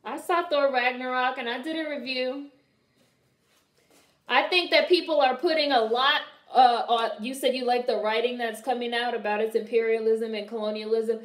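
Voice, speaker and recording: This young woman from Washington, D.C. reacts casually to a film as host, speaking bluntly and cracking profane jokes. Her voice is on the high side, steady in tone, at a moderate pace, and the recording has a roomy echo.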